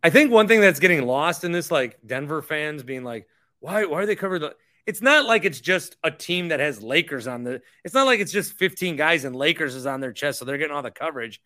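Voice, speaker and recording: Fired-up sports podcast host, bright voice. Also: male voice, on the high side, expressive, a little fast, few pauses. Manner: heated, ranting, repeats himself. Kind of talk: casual sports talk monologue.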